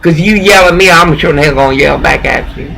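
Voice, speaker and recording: A man's voice: a little high, a little fast, creaky, pushed and bright, slight background noise, low-quality recording. A man who is a pastor, giving a rambling, profane preaching rant as he lectures someone directly.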